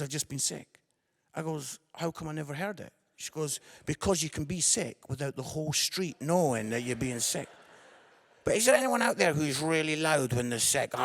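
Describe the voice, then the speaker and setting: A man in his forties, an evangelist and comedian, delivering a gospel message through animated comic storytelling that turns earnest and gentle. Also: a little high, vocal fry. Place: live event venue.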